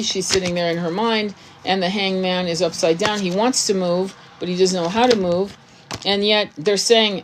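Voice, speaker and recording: A woman giving a tarot reading, talking straight to the viewer in a blunt, casual way and swearing freely. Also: medium pitch. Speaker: tarot reader.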